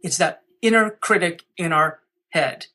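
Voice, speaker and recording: A man's voice: on the high side, unhurried, sharp tone, soft background music. A man speaking as a podcast guest, coaching listeners with energy and acting out quotes. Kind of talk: podcast interview.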